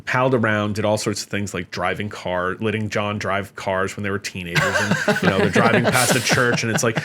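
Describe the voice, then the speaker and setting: A middle-aged man as a podcast guest, telling stories casually with lots of fillers and animated jumps in pitch whenever he quotes someone. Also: fairly quick. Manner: animated, jumps up in pitch when quoting others; chatty with many fillers. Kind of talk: casual storytelling.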